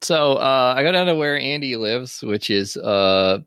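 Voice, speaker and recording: A man player in a tabletop roleplaying game, halting and thinking aloud as he sets a scene. The recording is close and dry with no room sound. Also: medium pitch, lively intonation, fairly bright tone, smooth, no echo.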